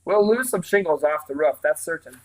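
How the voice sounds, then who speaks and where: A man reading calm, brisk Mrs Murray. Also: a little high, close to an everyday voice, low-quality recording. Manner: calm, light. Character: calm mother, brisk and reassuring.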